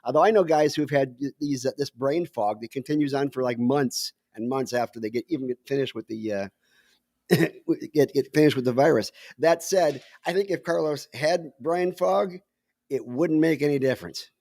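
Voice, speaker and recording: A man co-hosting a casual chat show as the resident scientist, explaining things wryly with halting fillers. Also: medium pitch, darkish tone, dry recording. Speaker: scientist co-host.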